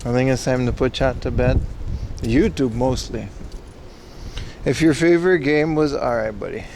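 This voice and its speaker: A man's voice: medium pitch, moderate pace, vocal fry, a little mellow, slight background noise. A sleep-deprived man hosting a casual livestream, joking sarcastically with chat while walking along a city street. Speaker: livestream host. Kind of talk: casual IRL stream chat, reading chat.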